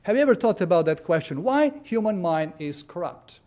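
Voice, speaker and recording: High-voiced man telling sermon stories. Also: very animated, fairly quick, a little mellow. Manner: storytelling, frequent "uh" and "you know". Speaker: preacher. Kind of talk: sermon with anecdotes.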